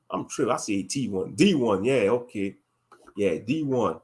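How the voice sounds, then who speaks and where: A man's voice: medium pitch, very animated, normal speed, creaky. A man in his late thirties hosting a casual commentary monologue, thinking aloud and turning preachy. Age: late 30s. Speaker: host.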